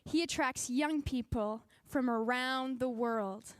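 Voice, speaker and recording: A woman's voice: high-pitched, slow pace, no echo, studio quality. A woman giving a personal testimony at a faith convention, telling her story with animation and acting out the quotes.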